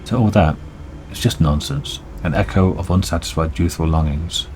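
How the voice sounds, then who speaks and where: A man's voice: low-pitched, moderate pace, darkish tone, a little hiss or hum, lightly acted. A man reading the lines of a jaded nobleman looking back on youthful infatuation, in a dry, wistful way. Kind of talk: reading game dialogue aloud.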